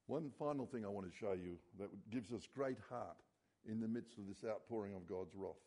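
Pastor, male, warm mellow tone, earnest sermon delivery that sinks quiet on key words. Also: on the low side, moderate pace.

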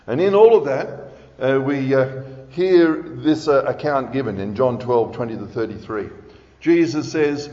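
A man's voice: medium pitch, expressive, moderate pace, a little mellow. A man preaching a sermon in an earnest, emphatic way, reading scripture aloud. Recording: dull sound with long hall reverb.

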